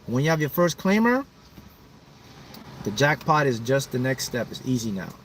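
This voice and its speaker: A man's voice: mid-range voice, sing-song, moderate pace, fairly bright tone, a little hiss or hum. A man hosting a motivational livestream, talking emphatically and repeating himself to pump up his viewers. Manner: emphatic, repetitive, pumping up viewers. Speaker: manifesting coach hosting a livestream.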